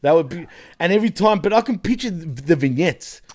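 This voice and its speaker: A man hosting a casual wrestling review podcast, laughing often and swearing freely in a loose, excitable way. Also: a little high, fairly quick. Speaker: podcast host.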